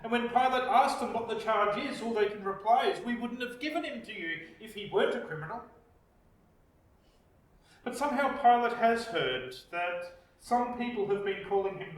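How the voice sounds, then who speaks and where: A man with an Australian accent preaching a reflective sermon as pastor, slow with dramatic pauses. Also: sits high. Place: church. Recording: echoey church, distant mic.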